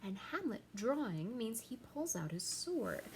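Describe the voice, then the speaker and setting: A woman teacher explaining a play to her class, reading the quoted lines aloud with lively emphasis. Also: fairly high pitch, measured pace, gravelly, a little hiss or hum, poor audio.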